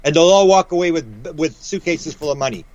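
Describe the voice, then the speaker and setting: A man as guest author in a casual interview, rambling with quick restarts and acting out the voices he quotes. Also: a little high, expressive, a little mellow, dry recording. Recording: dull lo-fi audio.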